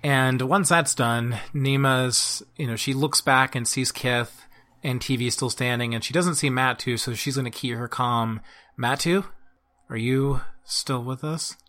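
Bright-voiced man playing a tabletop game. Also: mid-range voice, steady tone, moderate pace. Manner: laughs often, explains dice and actions. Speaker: player.

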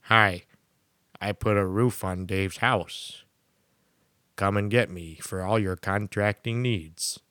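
A man voicing a slow, deep-voiced male contractor in a mock ad, with a drawn-out, plodding delivery. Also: fairly even intonation, pushed and bright, dry recording, clean studio sound. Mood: deadpan pitch. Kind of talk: mock radio ad.

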